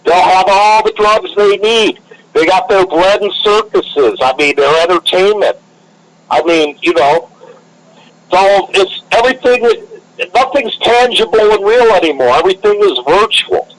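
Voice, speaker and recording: High-voiced man ranting. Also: unhurried, rough recording. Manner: ranting, conspiratorial, emphatic. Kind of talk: casual podcast chat.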